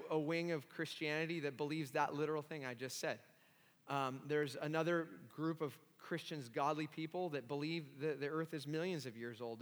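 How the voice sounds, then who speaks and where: Man, pastor, animated sermon, stumbling restarts, long hall echo. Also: fairly high pitch. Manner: animated, self-deprecating, frequent restarts. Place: church hall. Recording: echoey church hall.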